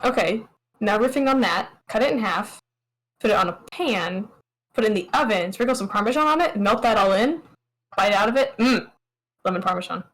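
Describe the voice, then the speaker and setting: A woman chatting in a casual role-play, bubbly and excitable, riffing on ideas. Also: mid-range voice, fairly quick, poor audio. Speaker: player and co-host.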